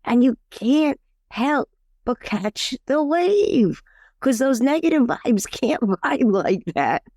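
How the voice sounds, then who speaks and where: A woman with a high-sitting voice speaks at a slow pace in a studio-quality recording without echo. She's a life coach on a podcast, chatting casually with fillers and restarts, a lively storyteller who acts out quotes.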